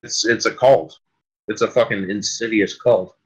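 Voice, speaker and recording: A man's voice: on the low side, fairly even intonation, normal speed, husky, lo-fi sound. A man hosting a solo podcast, delivering a rambling, crude comic rant full of swearing. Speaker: podcast host.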